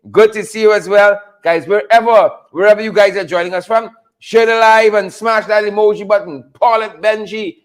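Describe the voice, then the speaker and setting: A man hosting a livestream, animated and repetitive, laughing often and greeting viewers by name. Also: high-pitched. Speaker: livestream host. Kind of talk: casual livestream commentary.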